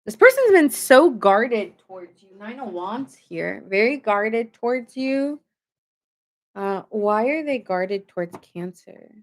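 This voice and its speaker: A woman's voice: a little high, sing-song, slow. A woman giving a casual live-stream tarot reading, chatty and rambling, thanking viewers as she goes. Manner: chatty, rambling, reads chat aloud. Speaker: tarot reader.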